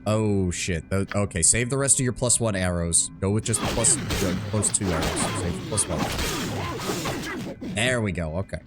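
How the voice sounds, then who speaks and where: A man's voice: lowish voice, huge pitch swings, a little slow, loud music behind the voice. A man streaming live gameplay, talking casually, muttering his plans and swearing when frustrated.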